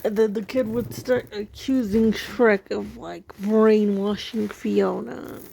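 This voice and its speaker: A woman's voice: medium pitch, fairly even intonation, takes it slowly, gravelly, mellow, slight background noise. A woman casually rambling through her own story ideas, amused at herself. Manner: rambling, self-amused, many fillers. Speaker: amateur story writer.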